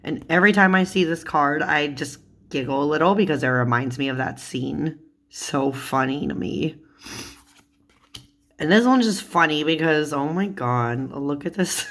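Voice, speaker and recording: A woman's voice: low voice, lively intonation, unhurried, a bit bright. A young woman chatting casually as she shows tarot cards, giggling often and filling her talk with "like". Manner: giggly, chatty, lots of "like" fillers. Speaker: tarot YouTuber. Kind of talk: casual chat showing cards.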